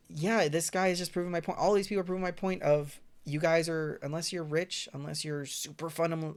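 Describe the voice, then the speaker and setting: Young male commentator, slightly high voice, sarcastic and swearing. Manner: profane, ranting, sarcastic. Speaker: commentary streamer. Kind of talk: casual reaction commentary.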